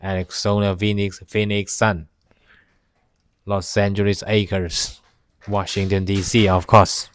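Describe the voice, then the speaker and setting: A man from China speaks slowly and haltingly in English, his first language Chinese, as he chats to the camera. His voice sits low and he pauses often to search for words. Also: little pitch movement, smooth, no room sound. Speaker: vlogger. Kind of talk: casual talk to camera. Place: outdoors by a campfire.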